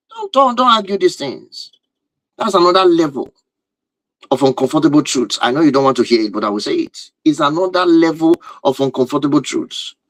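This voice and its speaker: A man gives a relationship talk in a fairly high voice, driving home each point with repetition and asking "you understand?" He stays emphatic and direct, and the sound is close and dry with no room echo. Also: fairly bright tone. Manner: emphatic and repetitive, asks rhetorical questions. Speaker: relationship teacher. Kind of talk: lecture-style talk to viewers.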